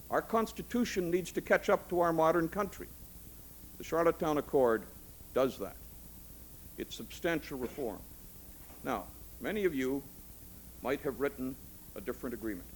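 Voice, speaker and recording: A middle-aged man giving a formal political speech, measured and rhetorical, building lists toward emphatic peaks. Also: fairly high pitch, slight background noise, low-quality recording. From Canada.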